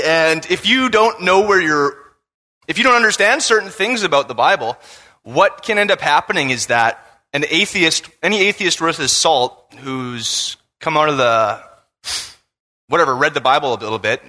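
A man preaching a casual, animated sermon, telling a personal story. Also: fairly high pitch, moderate pace. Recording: long reverb of a large room.

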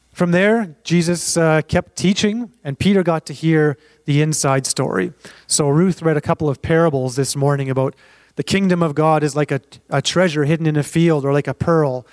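A pastor tells a story from the pulpit in a lively, conversational way, acting out the voices of the people in it. His voice sits on the high side, and there's no echo.

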